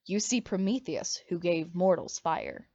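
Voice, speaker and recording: A woman's voice: lowish voice, lively intonation, unhurried, a little mellow, no echo, highs cut off, voice pushed down. A woman reading a solemn chained titan. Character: grave, suffering chained male titan.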